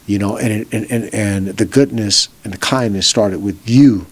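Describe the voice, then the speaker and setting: A man's voice: on the low side, moderate pace, husky. A man hosting an interview who murmurs agreement and reflects on the guest's story in faith-based terms. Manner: affirming, often murmurs agreement, preacherly summing up. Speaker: podcast host.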